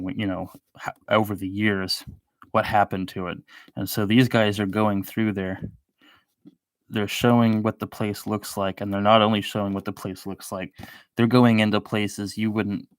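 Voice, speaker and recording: Drawing live, this show host rambles through his commentary with sardonic asides in a low-leaning voice, recorded without echo.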